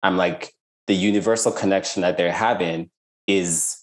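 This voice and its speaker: A Nigerian man, an artist, speaks reflectively in a casual interview conversation, often restarting his sentences and using "like" as filler. His voice is low-pitched with fairly even intonation, at a moderate pace.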